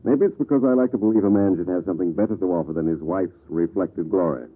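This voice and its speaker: An actor playing a bitter, self-doubting husband in an old-time radio drama, speaking in a rueful, sardonic way. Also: male voice, sits low, quick pace, breathy edge. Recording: lo-fi vintage radio recording.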